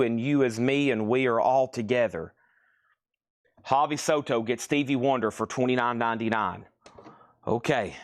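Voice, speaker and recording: Brisk man calling record prices. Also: mid-range voice. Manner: brisk, repeats prices and item details. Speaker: host of a live record sale. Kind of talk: live-stream auction selling. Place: record store.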